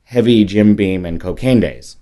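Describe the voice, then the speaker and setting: A man's voice: on the low side, normal speed, dark tone. A man in his forties, chatting casually as a podcast guest, rambling with fillers and restarts. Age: 40s. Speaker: podcast guest, whiskey brand rep. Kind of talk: casual chat.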